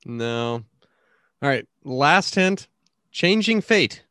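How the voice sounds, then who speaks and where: A man's voice: a little high, very animated, very slow, fairly bright tone. Teasing man giving quiz hints. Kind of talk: casual chat.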